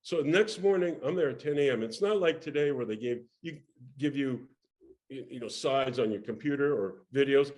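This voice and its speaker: A man's voice: mid-range voice, moderate pace. An older man, a guest in an interview, telling a career anecdote with energy and acting out the people he quotes, with frequent restarts. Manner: lively storyteller, acts out quoted voices, many restarts. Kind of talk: animated anecdote in casual interview.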